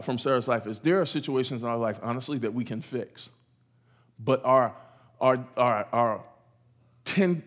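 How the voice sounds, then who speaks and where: A man preaching a sermon to a congregation in a church, repeating phrases and acting out voices as he goes. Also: mid-range voice. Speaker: pastor.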